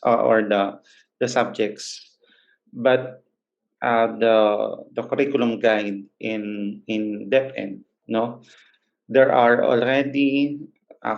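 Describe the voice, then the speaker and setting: A young man with a Filipino accent giving a recorded lecture as a teacher, pausing often with filler words and correcting himself. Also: medium pitch, gravelly, low-quality recording. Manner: hesitant, many filler words and self-corrections.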